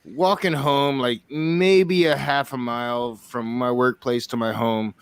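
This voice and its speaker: A man from Michigan in a casual chat, talking in halting restarts and ranting earnestly. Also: mid-range voice, steady tone, clean tone, no room sound. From Michigan, United States.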